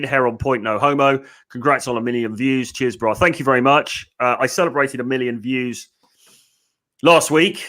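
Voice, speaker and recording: A man's voice: mid-range voice, bright, forceful tone. Chatty British man hosting a podcast. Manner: chatty, quick asides, frequent restarts. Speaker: podcast host. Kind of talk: casual chat.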